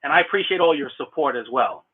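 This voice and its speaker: A talkative middle-aged man rambles through a casual live stream, laughing often and thanking viewers. His voice sits a little high and sounds husky. The sound is thin and phone-like, from a small room. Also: lively intonation, quick pace. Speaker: blacksmith streamer answering viewer questions.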